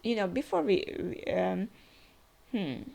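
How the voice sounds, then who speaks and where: A woman's voice: medium pitch, expressive, unhurried, vocal fry, warm tone. A woman hosting a manga reaction video, musing chattily with frequent hesitations. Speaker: manga reaction channel host. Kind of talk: casual manga reaction commentary.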